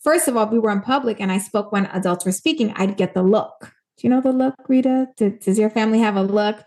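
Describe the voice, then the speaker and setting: A woman author from Puerto Rico talks quickly in a mellow, medium-pitched voice as a guest in a casual interview. She speaks with earnest emphasis and acts out quoted voices.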